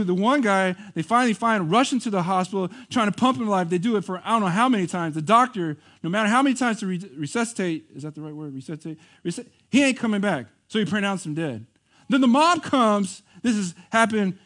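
Animated high-voiced man preaching. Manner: conversational, animated, asks the congregation questions; jokes and laughs between points. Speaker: pastor. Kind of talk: sermon.

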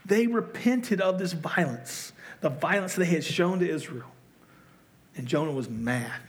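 A man's voice: a little high, lively intonation, a little slow. A man preaching a sermon in a conversational, self-deprecating way, often putting rhetorical questions to his listeners. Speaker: pastor.

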